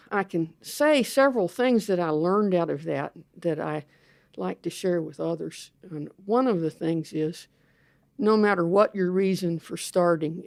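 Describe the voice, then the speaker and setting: A woman's voice: fairly low pitch, gravelly, a little mellow, dry recording, studio quality. An older woman, a theologian, telling a candid, self-mocking story as an interview guest.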